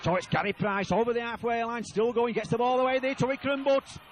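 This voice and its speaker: A man commentating on a rugby league match, calling play by play, repeating player names and shouting at tries. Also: extremely high pitch, fairly even intonation, quick pace, slight background noise.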